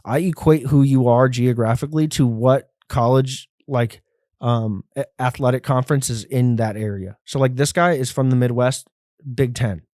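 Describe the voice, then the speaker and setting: A young man hosting a podcast, ranting in a profane, rambling and animated way. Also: medium pitch, moderate pace, no room sound, studio quality. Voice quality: sounds like a white guy, by his own account. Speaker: podcast host. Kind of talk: casual rant.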